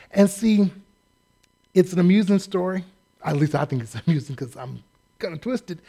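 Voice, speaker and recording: Brief: male pastor with a high voice, folksy and lively, acting out the scripture as he preaches. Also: normal speed, gravelly, long pauses. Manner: folksy, animated, acts out quotes. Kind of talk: sermon.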